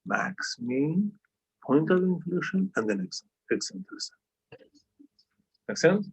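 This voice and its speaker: A man's voice: fairly high pitch, sing-song, measured pace, husky. A man teaching a calculus lesson over a video call, who keeps checking understanding with a questioning "yeah?". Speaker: math tutor.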